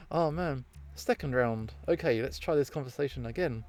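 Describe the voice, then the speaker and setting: A man's voice: medium pitch, normal speed, few pauses, darkish tone. A man playing a visual novel, reading aloud with casual, amused asides, over faint game music. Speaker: game streamer.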